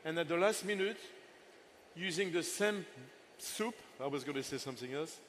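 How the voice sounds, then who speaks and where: On stage for a cooking demo, this chef in his sixties has a fairly bright voice set a bit high for a man, with lively intonation and a moderate pace. He jokes around with his helpers and the audience as he works, while a faint hum of ambient noise runs underneath.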